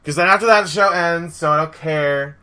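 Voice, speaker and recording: A man's voice: a little high, fairly quick, sharp tone. A young man hosting a casual chat, rambling with lots of fillers and acted-out quotes.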